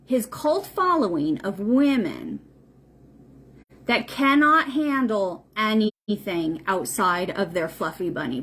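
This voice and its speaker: A woman's voice: medium pitch, breathy edge. A woman hosting a livestream, talking casually and bluntly, with frequent profanity and emphatic repetition. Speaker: spiritual livestream host. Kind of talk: casual unscripted livestream talk.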